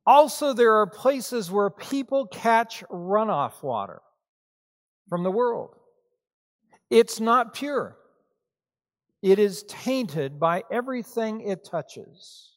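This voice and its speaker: A man's voice: high voice, very animated, slow, pauses often. A man preaching a sermon, reading scripture and then telling a joke and talking to his congregation. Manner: storytelling, joking with the congregation. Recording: reverberant hall sound.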